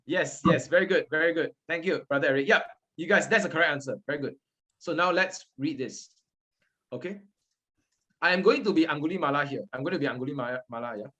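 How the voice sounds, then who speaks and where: A man's voice: fairly high pitch, fairly quick, a bit bright. A man teaching a Buddhist story class, conversational, often checking in with his listeners. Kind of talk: interactive Dharma class.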